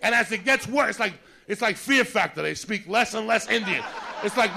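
A male comedian doing a loud, mocking stand-up rant, swearing constantly. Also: high voice, lively intonation, normal speed, creaky, background noise.

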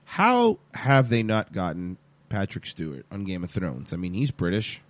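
A man co-hosting a podcast, chatting casually in an animated, jokey, profane way. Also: low voice, normal speed. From Hispanic background. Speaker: podcast co-host. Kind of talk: casual chat.

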